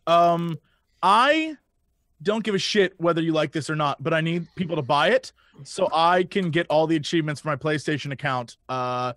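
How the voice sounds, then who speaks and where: A man co-hosting a casual podcast, joking and pleading in an energetic way. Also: fairly high pitch, no echo, clean studio sound. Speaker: podcast co-host. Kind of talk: casual chat.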